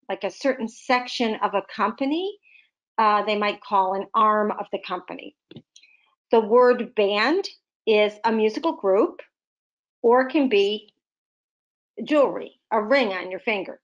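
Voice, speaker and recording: Patient woman tutor explaining word meanings. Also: a little high. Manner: patient, explanatory, with many examples. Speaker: literacy tutor. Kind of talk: recorded vocabulary lesson.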